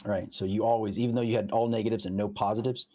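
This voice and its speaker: A man's voice: on the low side, steady tone, fast talker, darkish tone. A man, the game master, explaining tabletop game rules in casual chat, walking through them step by step with examples and restarting his sentences.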